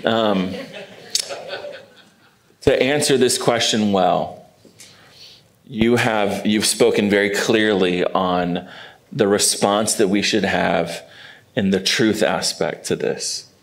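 Brief: male pastor moderating a Q&A, very deep gravelly voice, unhurried. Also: fairly even intonation. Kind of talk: moderating a church Q&A.

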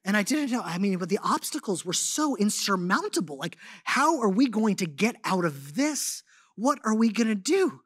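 A man speaking to a congregation, telling a personal story and teaching, swinging between loud animated stretches and hushed ones. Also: high-pitched, moderate pace, slightly rough, dry recording, studio quality. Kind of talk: testimony and sermon.

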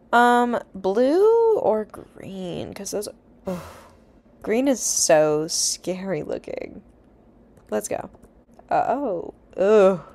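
A woman's voice: medium pitch, very animated, very slow, long pauses, darkish tone. A young woman giving casual, easily scared let's-play commentary, chatty and swearing, with nervous laughs. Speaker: gaming YouTuber.

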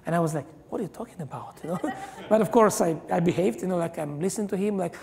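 A man preaching a sermon as a guest pastor, emphatic and halting, with many hallelujahs and non-native phrasing, recorded in a church hall. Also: high voice, gravelly, a little mellow. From Israel. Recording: long reverb of a large church hall.

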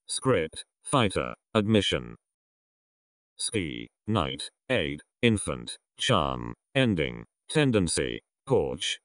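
Deep-voiced man slowly reading words. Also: dry recording, clean studio sound. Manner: slow, measured reading of single words with pauses. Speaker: vocabulary list reader. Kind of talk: reading a word list aloud.

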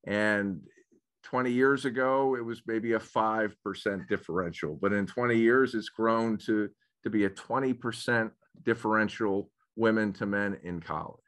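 A man's voice: fairly low pitch, normal speed, a bit bright. A man speaking as a school administrator in a webinar, hesitant, often repeating words and restarting phrases. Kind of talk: webinar presentation.

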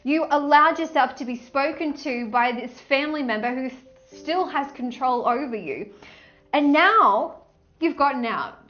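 Woman, high and bubbly, gushing tarot vlogger, dull-ish audio. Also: measured pace. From Australia. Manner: gushing, excitable, breaks into song. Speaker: tarot reader. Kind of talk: casual tarot reading vlog.

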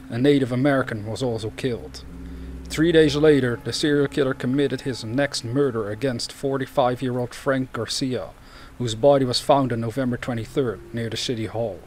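Guy reading crime cases off a page, mid-pitched, keeps drifting into chatty rambling asides. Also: darkish tone, a little hiss or hum. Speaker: true crime channel host. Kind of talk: reading true crime cases aloud with casual commentary.

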